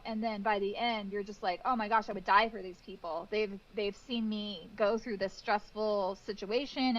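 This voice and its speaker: A woman in her thirties, a guest cake decorator in a casual interview, telling lively stories and acting out what people said. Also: medium pitch, lo-fi sound. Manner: animated storytelling with acted-out quotes and laughs.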